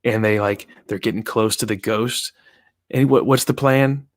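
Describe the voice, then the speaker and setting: Animated man telling movie anecdotes. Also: on the low side, unhurried, dry recording, studio quality. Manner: animated, quoting movie lines. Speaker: podcast guest. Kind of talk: casual chat.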